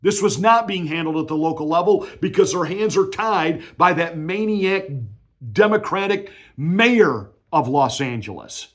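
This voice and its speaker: A man's voice: high-pitched, animated, measured pace. A male pastor giving political commentary in a combative, emphatic, mocking way.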